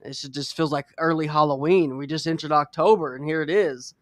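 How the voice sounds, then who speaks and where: A man's voice: a little high, brisk, no echo. A man hosting a casual sports podcast, rambling a bit and saying "man" often. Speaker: podcast host.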